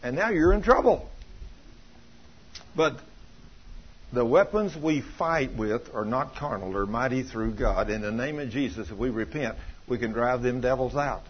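A man's voice: mid-range voice, moderate pace, husky, dull audio. A middle-aged man preaching a fiery sermon, folksy and emphatic, acting out the voices in his stories. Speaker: pastor.

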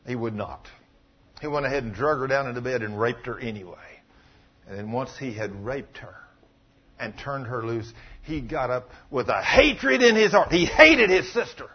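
A man preaching a sermon, retelling a story, dropping to low murmurs and rising to loud exclamations. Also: lively intonation, normal speed, slightly rough. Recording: dull lo-fi recording.

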